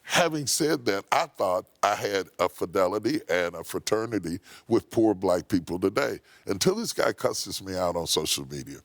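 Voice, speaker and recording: A man who is a bishop, speaking in a low, grounded voice. He tells his story with emphatic, preacherly force and leans hard on key words. The sound is close and dry, with no room around it. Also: animated, moderate pace, hardly any pauses, no echo. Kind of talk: interview storytelling. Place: TV studio.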